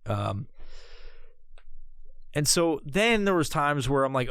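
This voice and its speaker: A man's voice: medium pitch, animated, a little slow, long pauses, fairly bright tone, clean tone, no echo, clean studio sound. A man hosting a podcast, telling a rambling, heavily profane comedic story. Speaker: podcast host.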